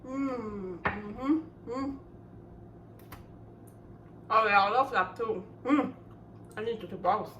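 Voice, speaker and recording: Unhurried, chatty woman. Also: on the high side, fairly bright tone, a little hiss or hum. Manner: chatty and enthusiastic, thinking aloud. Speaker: cooking channel host. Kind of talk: casual cooking vlog.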